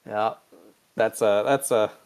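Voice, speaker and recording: A man hosting a casual podcast recap, swearing freely and jumping into quick character quotes with lively pitch swings. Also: clear, resonant tone. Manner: animated, jumps pitch when quoting characters. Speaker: podcast host recapping episodes.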